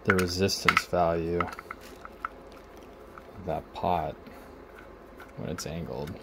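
Man, very deep voice, gravelly, casual workbench narration, thinking aloud, noisy background. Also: fairly even intonation. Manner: thinking aloud, unhurried, trailing off while working. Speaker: repair video host.

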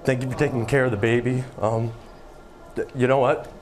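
Young man halting on a video call. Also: medium pitch, fairly even intonation. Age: young adult. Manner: halting, moved. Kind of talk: emotional live video call. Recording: video call audio with room noise.

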